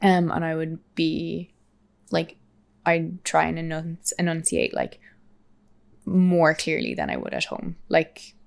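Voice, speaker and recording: A young woman with an Irish accent, chatting casually as an interview guest, full of "like" and quick laughs. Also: sits low, animated, gravelly, darkish tone. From Ireland. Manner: chatty, peppered with "like", laughs often.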